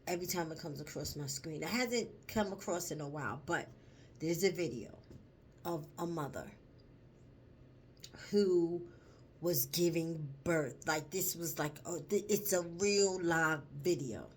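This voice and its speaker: A woman's voice: deep voice, a little hiss or hum. A woman chatting casually to her vlog audience, emphatic and profane, getting choked up as she talks. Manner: slow, emphatic and profane, lingers on words; emotional, choked up while telling a story. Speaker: vlogger. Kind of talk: casual spoken vlog chat.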